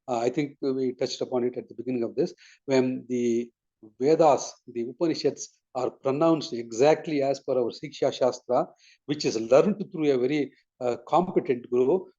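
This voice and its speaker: Mellow-voiced man giving a lesson. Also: medium pitch, highs cut off. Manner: measured explaining with many fillers. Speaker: presenter. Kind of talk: online study presentation.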